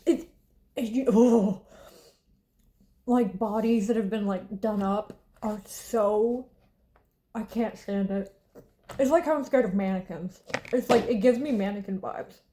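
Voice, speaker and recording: A woman's voice: medium pitch, measured pace, dark tone, a little hiss or hum. A woman of twenty-one, chatting casually and bluntly, swearing freely and breaking into laughs and sighs. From Southern United States. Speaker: vlogger. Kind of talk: casual chat while eating.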